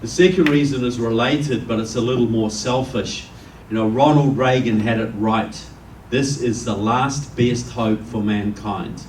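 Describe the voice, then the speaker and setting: A man's voice: mid-range voice, unhurried, hardly any pauses, darkish tone. Male guest speaker with a New Zealand accent, folksy storytelling delivery, recorded from a distance in a roomy hall with faint noise. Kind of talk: public speech to a live audience. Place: meeting room with an audience.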